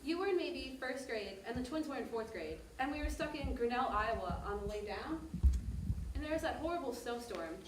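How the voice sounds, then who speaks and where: On a theater stage, a woman plays a mother warmly telling her daughter a detailed story of a family trip, serving as narrator of the monologue. Her fairly high, near-everyday voice has lively intonation and a slightly fast pace, heard from a distance on an echoey stage against a noisy background.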